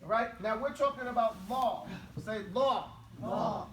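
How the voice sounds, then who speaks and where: A man's voice: very high-pitched, unhurried, fairly bright tone, slight background noise. A man teaching an Arabic class, drilling pronunciation and correcting students bluntly and emphatically. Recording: echoey classroom, mic far off.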